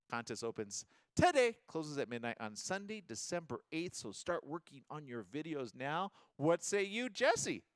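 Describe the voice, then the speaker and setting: A man's voice: on the high side, normal speed, few pauses, clean tone, dry recording. A man hosting a morning show, chatting casually and joking through the news. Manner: lively, jokey, animated delivery.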